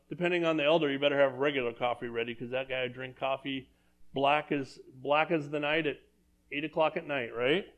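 A man preaching a sermon in a church, talking conversationally and asking the congregation questions. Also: a little high. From Southern California. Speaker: pastor.

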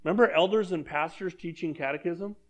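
Conversational preaching man, slightly high voice. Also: a little fast, highs cut off. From Southern California. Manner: conversational preaching, asks the congregation questions. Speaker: pastor. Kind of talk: sermon. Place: church.

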